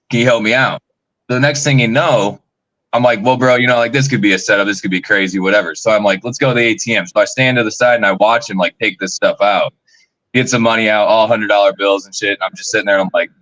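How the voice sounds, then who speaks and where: Low, bright-voiced man telling a rambling party story. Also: no echo, lo-fi sound. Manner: rambling, profane, loose story with many fillers. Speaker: guest storyteller. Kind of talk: casual storytelling on a live stream.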